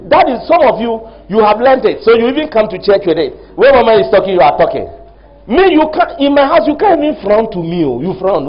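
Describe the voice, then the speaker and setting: A male pastor preaching a sermon, asking the congregation to finish his sentences, shouting some lines and dropping low and quiet on others. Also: lo-fi sound. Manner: emphatic, call-and-response questions to the congregation.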